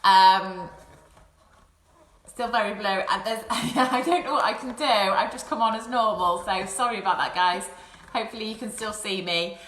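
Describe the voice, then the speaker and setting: A woman's voice: mid-range voice, normal speed, a bit bright. Bubbly woman in an echoey room. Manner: chatty, apologetic and bubbly, addressing children. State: out of breath. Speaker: children's craft presenter. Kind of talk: live-streamed craft lesson for children. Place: home, indoors. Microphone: phone or webcam livestream.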